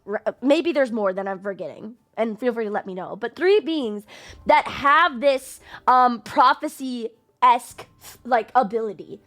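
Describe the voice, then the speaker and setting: A woman in her twenties, streaming a game playthrough and reacting excitedly, gushing with many fillers and swearing. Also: fairly high pitch, measured pace.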